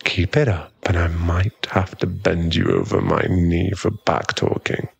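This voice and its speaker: A man's voice: sits low, flat delivery, unhurried, gravelly, husky, muffled recording, exaggerated voice. A man voicing a cocky, mocking young male bully in a whispered role-play, with a smug, drawling manner close to the mic. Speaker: ASMR roleplay performer.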